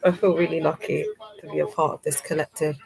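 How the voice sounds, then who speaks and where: Young adult woman, lower voice, teary and sniffling, effusive livestream host. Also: level tone, fast talker, creaky, music in the background, rough recording. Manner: tearful and effusive, greeting viewers by name. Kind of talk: emotional livestream chat.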